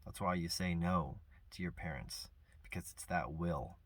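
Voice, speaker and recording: A man speaking earnestly and reflectively about grief and forgiveness, soft-spoken with pauses. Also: low voice, dry recording. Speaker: vlogger sharing personal grief. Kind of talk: reflective personal talk.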